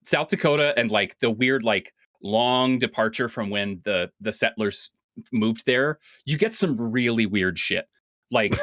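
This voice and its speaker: Man, casual chat co-host, animated swings in pitch, dry close sound, rambling, swears a lot. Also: no echo. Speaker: podcast co-host.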